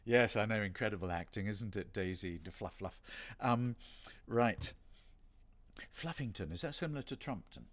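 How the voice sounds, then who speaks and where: A man's voice: fairly low pitch, animated, moderate pace. A middle-aged man from Britain chatting casually on a livestream signing session, rambling and self-deprecating with playful asides. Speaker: voice actor hosting a signing stream.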